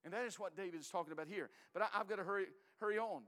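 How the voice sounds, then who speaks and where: An older man preaching a sermon in a folksy, emphatic way, swinging between loud and hushed. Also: high-pitched, racing, big-room sound.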